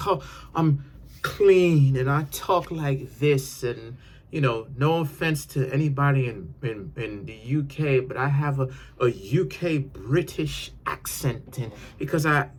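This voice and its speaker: A mid-pitched man delivers a casual tarot reading. His talk runs as an animated rant that rambles and repeats words. It sounds like a self-made video monologue. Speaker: tarot reader.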